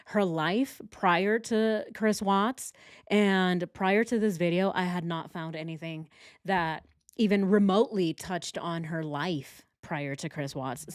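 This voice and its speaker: A woman's voice: medium pitch, dry recording, studio quality. A woman hosting a true crime reaction video, commenting casually and with sarcastic, mocking remarks.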